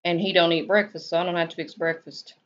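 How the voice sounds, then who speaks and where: A woman with a Southern US accent chats casually on her live stream, answering viewers' comments in a laid-back drawl. Her voice is lowish and steady, and she talks fast. The stream audio is dull and lo-fi.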